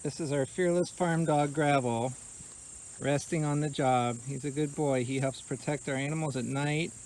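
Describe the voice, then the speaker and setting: A man's voice: on the high side, fairly even intonation, moderate pace, darkish tone, poor audio. Easygoing man giving a farm tour. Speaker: farmer. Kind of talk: casual farm tour explanation. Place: outdoors on a farm.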